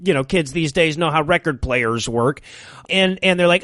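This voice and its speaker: Guy with a pretty high voice, dry close mic, sarcastic movie roast chat. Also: expressive, pushed and bright, no room sound. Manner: sarcastic, quick to laugh, slips into silly voices. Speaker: podcast co-host. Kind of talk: comedic movie-riffing chat.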